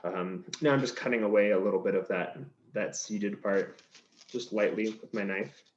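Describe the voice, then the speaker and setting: Speaking at normal speed with a fairly low pitch, a male chef explains every step of his cooking demonstration in a relaxed, chatty way as he chops vegetables in the kitchen. Faint noise and a slightly dull sound mark the recording.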